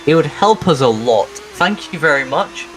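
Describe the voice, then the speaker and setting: Joking halting male race commentator. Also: on the high side, expressive, a bit bright, slight background noise, poor audio. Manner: joking, self-deprecating, halting. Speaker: sim racing commentator.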